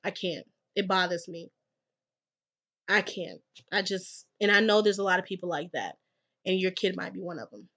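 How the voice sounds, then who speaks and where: A young adult woman, a classroom teacher, giving casual advice in a vlog, stressing points by repeating them and swinging between soft asides and loud urging. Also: lowish voice, moderate pace, highs cut off.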